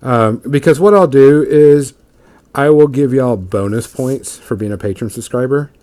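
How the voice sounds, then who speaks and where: An easygoing man co-hosting a casual podcast. He plugs the channel and asks relaxed, curious questions in an everyday voice. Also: medium pitch, normal speed. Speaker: podcast co-host. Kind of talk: casual chat.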